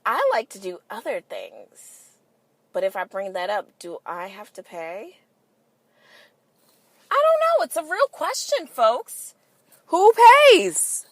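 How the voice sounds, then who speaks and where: A woman's voice: medium pitch, fairly bright tone, dry recording. A woman hosting a podcast in a casual monologue, emphatic and swearing freely, firing rhetorical questions at listeners. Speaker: podcast host.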